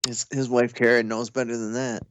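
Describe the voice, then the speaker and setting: A man's voice: medium pitch, little pitch movement, a little fast, fairly bright tone, slight background noise. A man co-hosting a casual podcast. He tells anecdotes, laughs easily and trades banter. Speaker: podcast co-host.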